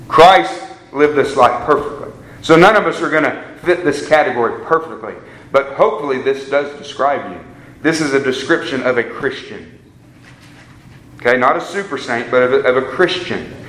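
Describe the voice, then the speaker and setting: A man's voice: medium pitch, fairly bright tone. A man preaching a sermon to a live group in an earnest way, repeating phrases for emphasis and calling his listeners guys. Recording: echoey room with faint ambience.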